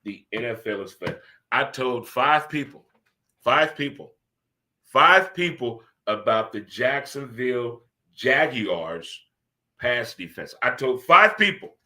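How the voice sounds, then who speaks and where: A man hosting a casual solo sports talk stream, talking straight to his audience in an animated, repetitive way. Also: mid-range voice, slow pace. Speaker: host.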